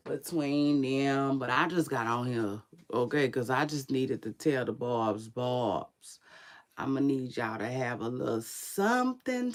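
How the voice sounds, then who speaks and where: Her smoky low voice has vocal fry and a darkish tone. This online commentator, a woman in her forties, chats casually and sleepily with livestream viewers in a slangy, laid-back way.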